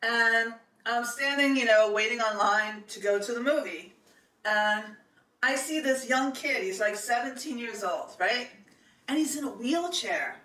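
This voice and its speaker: A woman's voice: on the high side, unhurried, bright, forceful tone. A middle-aged woman tells a personal story in a chatty, meandering way. She doubles back with fillers and restarts as she goes. Her voice sits in an echoey room, a little distant from the mic.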